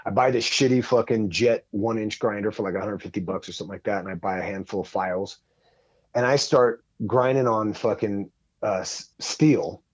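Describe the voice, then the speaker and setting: A man's voice: fairly low pitch, moderate pace, dry recording, muffled recording. A man telling a long story in casual podcast chat as a guest, rambling and heavy on swearing. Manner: profane, rambling, animated.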